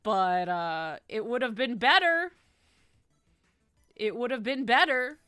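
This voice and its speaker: A woman streaming a game from home on a desk microphone, chatting casually and ranting with animated disgust. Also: fairly high pitch, takes it slowly, clear, resonant tone, no room sound, studio quality, soft background music. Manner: animated, says 'ew' and 'icky' with disgust, ranting. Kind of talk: casual gameplay stream chat.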